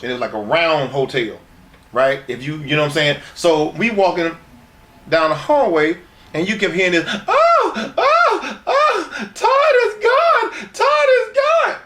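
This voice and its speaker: Brief: male interview guest, higher voice, crude rambling stories, echoey room. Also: normal speed, a bit bright. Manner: crude, rambling, laughs through his stories. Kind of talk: profane shoot-interview storytelling.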